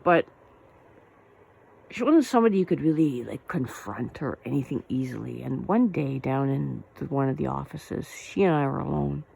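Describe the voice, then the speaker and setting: Gravelly, dark-voiced woman telling a story. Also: extremely low pitch, lively intonation, moderate pace, rough recording. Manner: blunt, profane, emotionally worked up. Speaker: vlogger. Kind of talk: candid personal storytelling.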